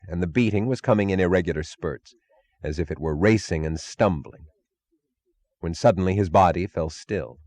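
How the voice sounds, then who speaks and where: Deep-voiced male audiobook narrator. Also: darkish tone. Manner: measured, dramatic reading. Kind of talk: scripted narration.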